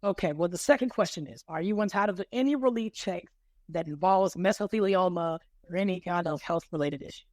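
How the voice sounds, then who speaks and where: A man hosting a podcast, pitching movie plots in a playful, teasing way and reading summaries out slowly. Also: darkish tone, dry recording. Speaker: podcast host. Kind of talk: casual podcast chat, mock pitch role-play.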